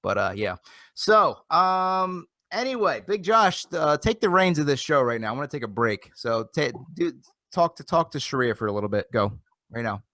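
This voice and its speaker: A man's voice: a little high, moderate pace, no room sound. Rambling male web-show host, dry sound. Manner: rambling, repeats phrases, energetic. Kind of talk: casual live internet show chat. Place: home near Philadelphia.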